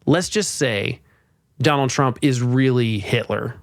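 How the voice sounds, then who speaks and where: A man hosting a podcast, giving exasperated, animated political commentary with sarcastic mock quotes. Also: mid-range voice, slow, vocal fry, no echo, studio quality. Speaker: podcast host.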